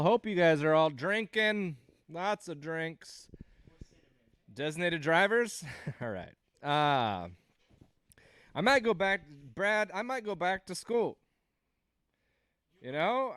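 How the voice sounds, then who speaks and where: A man's voice: fairly high pitch, fairly bright tone, smooth, no room sound. A man in his thirties doing a rambling, self-deprecating stand-up set on a livestream, laughing at his own jokes. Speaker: stand-up comedian hosting a livestream.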